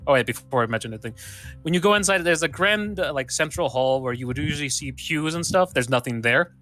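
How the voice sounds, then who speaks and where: A man's voice: on the high side, lively intonation, fairly quick, sharp tone, soft background music. A man running a tabletop game as game master, casual and laughing, with frequent swearing.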